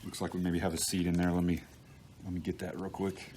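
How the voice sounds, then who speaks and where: A man walking through a recipe in a relaxed, folksy way, with plenty of ums and restarts. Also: low voice, brisk, a little hiss or hum, rough recording. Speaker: cook team captain demonstrating a recipe. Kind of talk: casual cooking demonstration. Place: outdoor grill setup.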